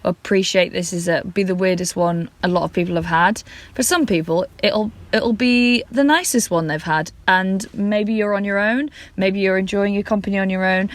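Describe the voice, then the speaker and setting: A woman's voice: mid-range voice, steady tone, normal speed, no room sound. A Welsh woman, a podcast co-host, chatting casually and rambling through funny anecdotes while recording remotely from home. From Wales. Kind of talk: casual comedic chat.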